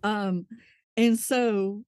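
A woman's voice: mid-range voice, fairly even intonation, drawn-out words, darkish tone, no room sound. A woman speaks as an interview guest, telling her story openly. She laughs easily and trails off to restart her thoughts. The recording is dry and close. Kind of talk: candid conversational storytelling.

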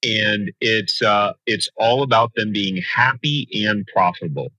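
A man talking as a guest in a podcast interview, coaching franchise owners with an energetic, emphatic motivational delivery. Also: fairly low pitch, a little slow, no room sound, highs cut off.

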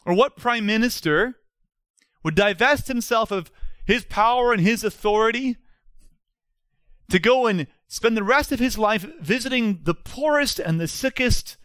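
A man's voice: high voice, unhurried, a bit bright, no echo. A man, preaching a sermon as pastor in an earnest, emphatic way.

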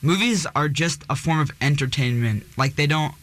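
A man's voice: fairly high pitch, expressive, moderate pace, a bit bright, dry recording. A young man co-hosting a casual chat, laid-back and agreeable, leaning on "like" a lot. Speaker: co-host.

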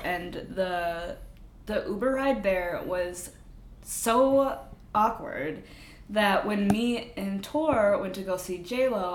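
Slow-talking giggly woman, echoey room. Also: medium pitch, slight background noise. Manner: giggly, unhurried storyteller. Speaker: podcast guest. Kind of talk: casual chat.

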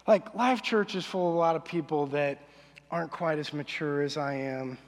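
A man preaching a sermon as pastor, conversational and animated, acting out quoted voices. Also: a little high, moderate pace. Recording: long hall reverb.

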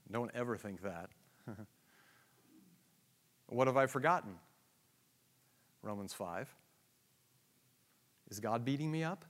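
Male preacher; sermon delivery that swings from hushed and slow to loud and emphatic. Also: medium pitch, very animated. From United States. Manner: shifts from quiet, slow asides to loud emphatic questions; acts out dialogue and inner thoughts, laughs often.

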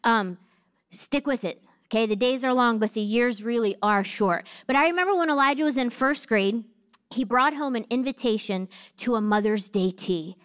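A woman in her thirties preaching a sermon, telling a personal story in a humorous, animated way. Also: fairly high pitch, normal speed, clean tone.

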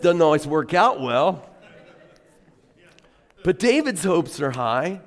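A man's voice: on the high side, unhurried, pauses often. A middle-aged man preaching a sermon as pastor, telling stories in a conversational way and leaning hard on key words. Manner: conversational storytelling, animated emphasis. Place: church sanctuary. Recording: long reverb of a church hall.

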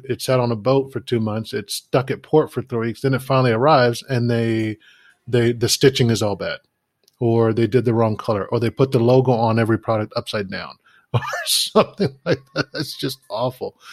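A man's voice: mid-range voice, darkish tone, no echo, clean studio sound. A man giving a practical, conversational talk on scaling product manufacturing, often checking in with the listener. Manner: practical, conversational, frequent "right?" check-ins. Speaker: e-commerce business advisor. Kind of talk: instructional talk.

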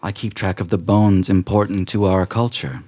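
A man voicing a prim, proper female gnome archivist in her fifties, who speaks in a formal, measured way. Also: deep voice, steady tone, darkish tone.

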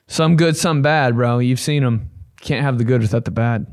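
A young man hosting a podcast, chatting casually in a loose, profane, rambling way with bursts of excitement. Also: mid-range voice, normal speed. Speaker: podcast host. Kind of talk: casual chat.

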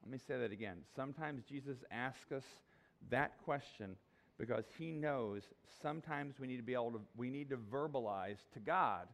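A man's voice: mid-range voice, moderate pace, fairly bright tone. A male pastor preaching a sermon in a conversational, jokey, emphatic way.

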